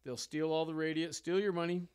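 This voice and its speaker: A man's voice: fairly high pitch, brisk, smooth. A man, a ferry pilot, telling stories in a casual interview, acting out the people in them and laughing often. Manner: animated storyteller, acts out dialogue, laughs often.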